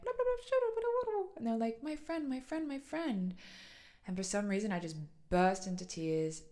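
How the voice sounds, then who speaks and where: A woman's voice: lowish voice, a little mellow. A young adult woman talking casually about her spiritual practice, earnest and flowing, with many "like"s and "so"s. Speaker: light language channeler. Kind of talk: casual personal talk.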